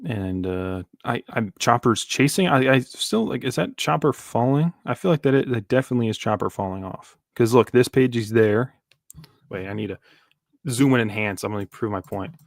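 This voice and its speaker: A man's voice: medium pitch, lively intonation, normal speed, dry recording. Guy rambling thru a live manga reaction, lots of ums and restarts, dry sound. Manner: rambling, casual, many fillers and restarts. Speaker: streamer.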